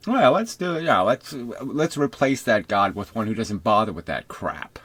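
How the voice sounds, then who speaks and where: A husky, somewhat low-voiced older man rants in an unscripted monologue, profane and sarcastic. He mocks the people he talks about and drops into put-on voices to imitate them. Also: expressive, moderate pace, a bit bright. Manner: mimics others in put-on voices. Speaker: video commentator.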